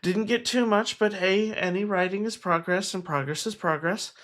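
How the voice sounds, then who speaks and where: On his own game stream, a high-voiced man with a bit of brightness talks at a moderate pace in relaxed chat. He's sincere and chatty, often poking fun at himself with dry humor.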